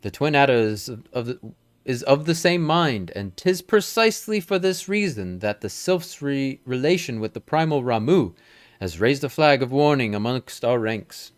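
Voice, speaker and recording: A man's voice: mid-range voice, animated, moderate pace, natural voice. A man voicing a stern, formal male military commander with a stately, old-fashioned delivery, reading game dialogue aloud.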